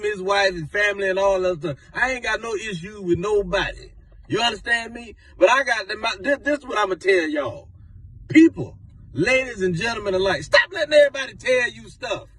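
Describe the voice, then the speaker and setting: A man doing a loud, scolding comedy rant to camera, preaching at his audience. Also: high voice, no echo, far from the mic, low-quality recording. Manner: preachy, loud, scolding, Southern Black vernacular.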